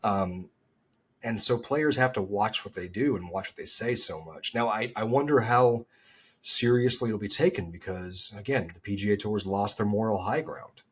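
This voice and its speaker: A man with a husky, slightly low voice talks golf on a podcast. He rambles in an animated way and often restarts his sentences. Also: normal speed. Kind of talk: casual chat.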